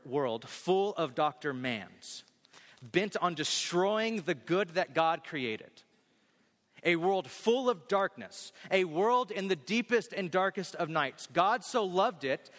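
A man's voice: sits high, a bit bright. Emphatic male pastor preaching in a reverberant hall. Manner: emphatic, repeats key phrases, slows on scripture. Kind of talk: sermon.

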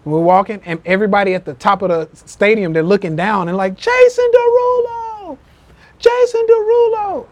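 A man's voice: high voice, fairly even intonation, quick pace, few pauses, no echo. A man hosting a live social media rant podcast, talking in an emphatic, profane and repetitive way, acting out quotes with animation. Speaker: podcast host. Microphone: phone.

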